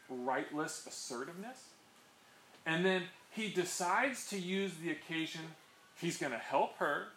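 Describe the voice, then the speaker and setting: A man's voice: a little high, fairly bright tone. A man giving an informal Bible study to a small group, chatty and full of "right?" asides. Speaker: Bible teacher. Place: room with a small group of listeners. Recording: echoey room with faint background noise.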